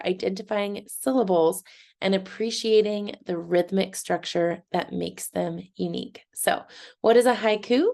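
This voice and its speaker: A young woman teaching a recorded lesson for children. She speaks slowly and clearly, with an encouraging tone, and stretches words out as she claps their syllables. Her mid-range voice has a slight gravelly fry. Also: medium pitch.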